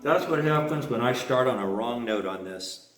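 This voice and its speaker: Lively, expressive man teaching music. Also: medium pitch, moderate pace, roomy sound, recorded from a distance. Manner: explanatory, lively, hums phrases to show them. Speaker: harmonica teacher and performer. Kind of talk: music lesson with played examples.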